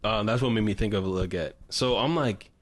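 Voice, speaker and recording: A man with a fairly low voice talks loosely and casually, full of "um" and "like." He co-hosts a relaxed podcast conversation. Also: fairly quick. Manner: frustrated rambling, frequent fillers. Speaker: podcast co-host. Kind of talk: casual fantasy football chat.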